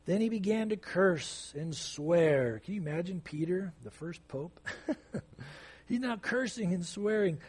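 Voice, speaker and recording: A man's voice: high-pitched, animated, a little slow, darkish tone, husky. A male pastor preaching an expository sermon, conversational and emphatic, with sudden surges of intensity.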